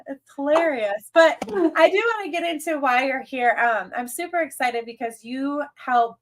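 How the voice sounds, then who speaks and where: A woman's voice: high-pitched, moderate pace. A woman with a Midwestern accent hosting a podcast, nasal from a cold, upbeat and chatty. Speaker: podcast host. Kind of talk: casual interview chat.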